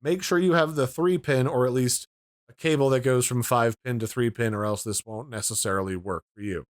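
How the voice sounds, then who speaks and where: A man's voice: medium pitch, fairly quick, dry recording, clean studio sound. A man reviewing and unboxing an audio mixer in a casual, explanatory way. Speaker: tech reviewer.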